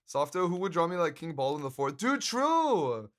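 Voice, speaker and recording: Streamer man, slightly high voice, casual live chat, jokey and profane. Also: steady tone, fast. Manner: joking, laughs often, swears casually. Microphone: handcam stream mic.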